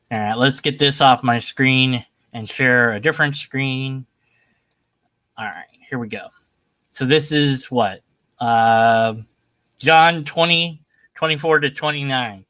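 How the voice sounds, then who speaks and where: Irreverent male commentator, bright tense tone, dry close sound, mocking delivery. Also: medium pitch, no room sound. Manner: sarcastic, irreverent. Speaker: atheist commentator. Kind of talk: casual commentary reading scripture. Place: at his computer sharing his screen.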